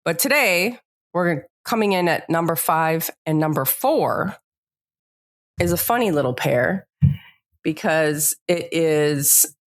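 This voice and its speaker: A woman's voice: deep voice, lively intonation, slow pace. A woman co-hosting a podcast in casual, chatty talk, laughing off her own slips. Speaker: podcast co-host.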